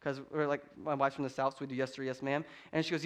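A pastor in his thirties with a high-pitched voice preaches at a fast clip, keeping things relaxed and conversational. He weaves humor into the sermon and builds to loud, emphatic declarations at key moments.

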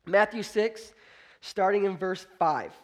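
A man preaching a sermon as pastor, hoarse from losing his voice, chatty and energetic with the congregation. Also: high-pitched, takes it slowly.

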